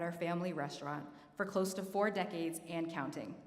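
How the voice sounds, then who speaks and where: Lowish woman's voice in an echoey hall. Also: brisk, hardly any pauses. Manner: earnest and self-deprecating, holding back tears. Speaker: award recipient giving acceptance speech. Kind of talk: prepared acceptance speech. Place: large hall at an awards ceremony. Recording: echoey hall, roomy reverb.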